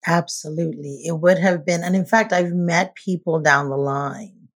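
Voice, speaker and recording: A woman coach speaking as a podcast guest in an animated, preacher-like way, weaving scripture into her points. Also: on the low side, moderate pace. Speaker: guest, feminine leadership coach. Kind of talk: conversational interview.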